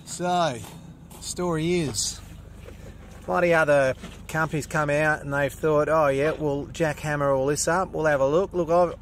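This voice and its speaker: An Australian man with a fairly high-pitched voice talks straight to camera about his drain-cleaning work. His manner is blunt and matey, full of casual swearing. He is recorded outdoors, with traffic clearly audible behind him. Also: a bit bright. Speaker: drain cleaner and channel host. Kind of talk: casual vlog talk to camera.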